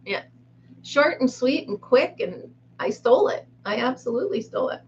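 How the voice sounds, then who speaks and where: A woman hosts a relaxed live chat from a room at home. She talks in a chatty, giggly way and pokes fun at herself. The recording is a little dull and lo-fi, with a faint hiss underneath. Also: on the high side, normal speed. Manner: giggly, chatty, self-mocking. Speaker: live-stream host. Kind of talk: casual live chat with viewers.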